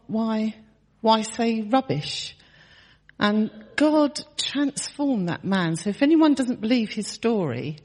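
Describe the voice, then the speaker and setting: A woman's voice: mid-range voice, a little mellow, slightly rough, long reverb tail. A woman in her sixties telling a personal testimony in a chatty storytelling way, laughing often and restarting her sentences. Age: 60s. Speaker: church member sharing testimony.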